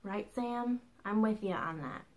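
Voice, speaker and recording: A woman in her thirties talks to the camera in a relaxed, chatty way, like a craft podcast host catching her viewers up. Her delivery is bubbly and full of small laughs and quick asides, and her pitch sits in an ordinary middle range for a woman. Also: low-quality recording. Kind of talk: casual chat.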